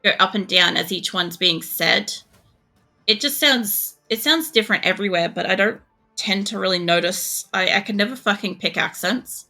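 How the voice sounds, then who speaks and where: An Australian woman streamer rambles through a casual gameplay chat and swears freely along the way. Her voice is bright and edged with fry, with faint game music underneath. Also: medium pitch, moderate pace.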